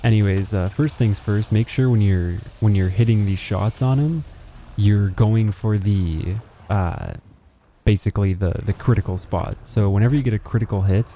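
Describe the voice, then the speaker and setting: A young man giving a relaxed, rambling voice-over guide to a boss fight, full of fillers and restarts. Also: on the low side, slight background noise. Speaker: gaming video host. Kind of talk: casual gameplay guide voice-over.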